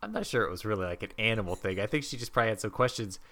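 A man co-hosting a comedy podcast, giving deadpan, dry commentary to listeners. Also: fairly low pitch, very fast. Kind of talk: improvised comedy narration.

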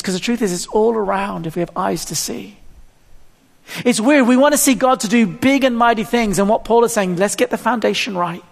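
A pastor in his fifties preaches in a church hall with long reverb, his high voice creaky and his pace moderate. He's chatty and self-deprecating, often stumbling and repeating words.

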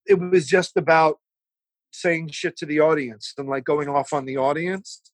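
A man talking as a podcast guest in a casual remote chat, chatty and profane with quick asides. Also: fairly high pitch, steady tone, no echo. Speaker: podcast guest, TV food host. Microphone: remote call.

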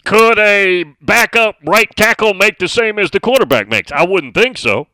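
A man's voice: sits high, animated, moderate pace, pushed and bright, no room sound. A middle-aged man hosting a sports talk radio show, speaking emphatically and reading out listener messages.

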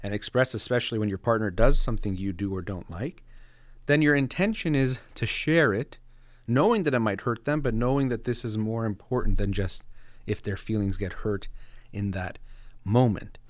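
A man giving a thoughtful, measured explanation of parenting and feelings, trailing off softly at the ends of phrases and pausing with fillers. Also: on the low side, no room sound. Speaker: speaker on parenting and emotions. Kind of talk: reflective explanatory monologue.

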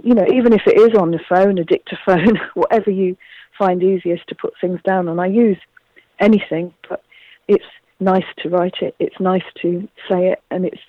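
A woman's voice: fairly low pitch, no echo. Female guest writer, reflective and casual, heard over a dry, tinny phone line. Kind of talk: live radio interview.

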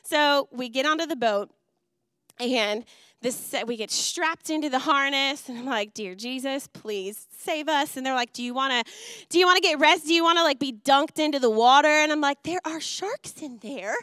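A woman pastor preaching in a church, telling her story with lively energy and acted-out quotes. Her voice is high and bright, smooth and clear. The sound is dry and close. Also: normal speed, no echo. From Wisconsin. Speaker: youth and missions pastor. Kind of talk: sermon. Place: church auditorium.

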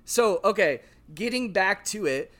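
A man co-hosting a sports podcast, telling stories in an animated, rambling, casual way. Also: high voice, unhurried. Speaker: podcast co-host.

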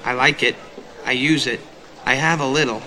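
An actor playing a man who talks in an earnest, rambling, deadpan way, in a film clip. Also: mid-range voice, moderate pace, slight background noise, poor audio. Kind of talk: film dialogue.

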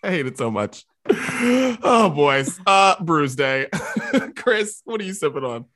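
A man with a bright, forceful voice, pitched a little high, rants in exasperation during a casual podcast chat and laughs often. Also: big pitch swings, slow. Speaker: podcast host.

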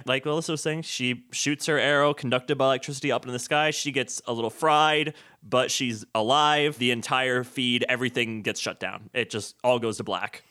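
A man with a bright, forceful tone, chatting casually as a podcast co-host. He recaps scenes in a relaxed way and drops in quick snippets of the characters' lines. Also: medium pitch. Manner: retells scenes with quick quoted asides. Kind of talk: casual chat, movie recap.

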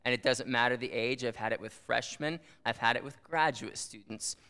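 A man's voice: medium pitch, normal speed, pushed and bright, clean tone, big-room sound. A man preaching a conversational sermon, with frequent asides and rhetorical questions. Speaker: pastor.

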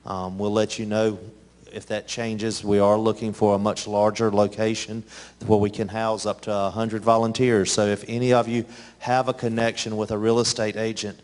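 A man's voice: on the low side, little pitch movement, normal speed, a little mellow. A man giving an earnest, plain-spoken announcement to a church congregation about volunteers. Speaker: guest speaker giving relief update. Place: church sanctuary.

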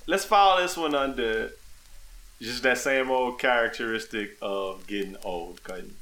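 A man's voice: mid-range voice, measured pace, bright, forceful tone. A young man chatting casually on a podcast, telling rambling stories and teasing his co-host. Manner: joking, rambling storyteller. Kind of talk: casual chat.

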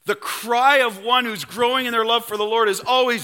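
A male pastor with a Canadian accent preaching a sermon in a church, emphatic and swinging from loud to hushed. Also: very high voice, fairly even intonation, normal speed, hardly any pauses, clear, resonant tone, in a large hall. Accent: Canadian English. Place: church sanctuary.

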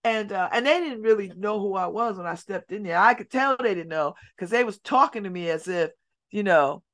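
A middle-aged woman hosting a community radio show, telling stories in an animated way and dropping her voice low and soft for emphasis. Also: fairly quick. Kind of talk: casual talk radio monologue. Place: radio studio.

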